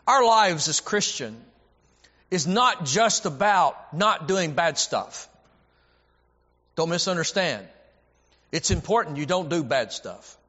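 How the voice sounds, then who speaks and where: Man, preacher, sermon, emphatic, stammered restarts, slightly high voice, long hall echo. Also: lively intonation, slow, pauses often, bright, forceful tone. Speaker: preacher and Bible teacher. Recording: dull audio with long hall reverb.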